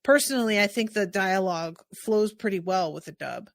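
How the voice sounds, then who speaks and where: A woman from the United States hosting a casual podcast chat, talking in an animated, expressive way with quick asides. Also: mid-range voice, no echo. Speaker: podcast host.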